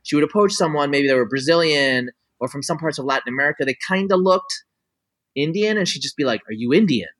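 A man's voice: fairly high pitch, fast, a bit bright, poor audio. A middle-aged man in casual conversation, explaining his views at length in looping sentences full of fillers and restarts. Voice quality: talks in looping restarts with many "like" and "you know" fillers. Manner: explanatory, opinionated.

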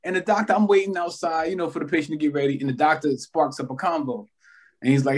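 Higher-voiced young man in casual chat. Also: fast talker. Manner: excitable, laughing, slangy.

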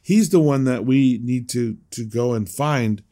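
A man's voice: medium pitch, measured pace, mellow. A man preaching a conversational sermon as a pastor, emphatic and prone to repeating words.

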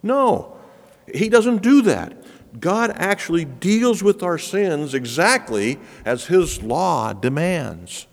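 A man delivers a sermon with an emphatic preaching cadence, his fairly high voice swelling and dropping as he drives each point home. His voice carries a long reverb, as if he were speaking in a large church hall. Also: animated, slow, creaky.

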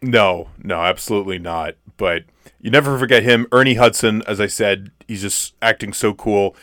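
At a moderate pace, a man with a fairly low, a bit bright voice co-hosts a podcast and casually reviews a film. His talk rambles, with many fillers and restarts. It's a clean studio recording without room sound.

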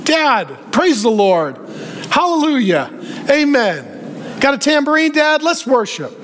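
A man's voice: extremely high pitch, very animated, measured pace, fairly bright tone, voice pushed up, heavily acted. A man voicing a young liar who gushes religious talk to cover his deceit. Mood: gushing. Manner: gushing, over-spiritual. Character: young male liar, falsely pious and overeager.

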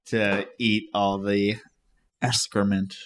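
A man's voice: on the low side, little pitch movement, slow, a bit bright. A man co-hosting a casual podcast, laid-back and joking, swearing casually. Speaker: podcast co-host. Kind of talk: casual chat.

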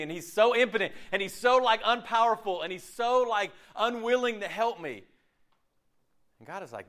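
A male minister delivering a chatty, humorous sermon. His voice sits a little high and sounds sharp and bright. He keeps turning to his listeners with questions. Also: brisk. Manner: joking, animated, asks the room questions. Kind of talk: conversational sermon.

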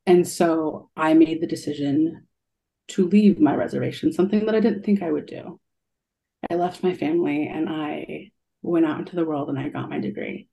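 A woman's voice: low-pitched, normal speed, creaky, dark tone. A young adult woman, an art therapist, telling a heartfelt story in a radio interview, with many ums and likes.

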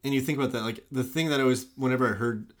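A man's voice: medium pitch, fairly even intonation, very fast. A man in casual film chat, rambling and enthusiastic, full of "like" and restarts.

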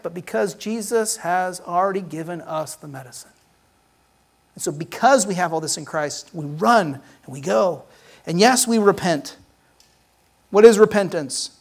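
Preacher at a church service: earnest, exhorting sermon delivery. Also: medium pitch. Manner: earnest, exhorting, with frequent "right?" asides. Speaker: pastor.

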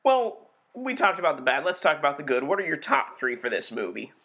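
A young man co-hosting a podcast, chatting casually with an animated, profane delivery. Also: fairly high pitch, a little fast. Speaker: podcast co-host reviewing B movies. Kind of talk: casual chat. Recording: dull lo-fi podcast recording.

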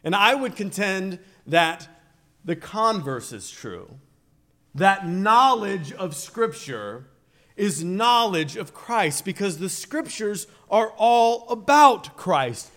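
A man preaching a sermon, slow and deliberate, building to emphatic swells on key phrases. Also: high voice, sing-song, fairly bright tone. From Virginia, USA.

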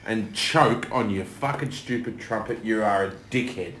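A man's voice: on the low side, moderate pace, a bit bright, a little hiss or hum. An Australian man chatting on a podcast, ranting and swearing with scorn. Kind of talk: casual chat. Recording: roomy echo.

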